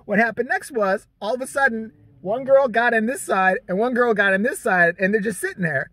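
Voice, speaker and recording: Brief: young male vlogger, high voice, crude and excitable, dry close sound in a parked car. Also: brisk, no room sound. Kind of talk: casual storytelling vlog.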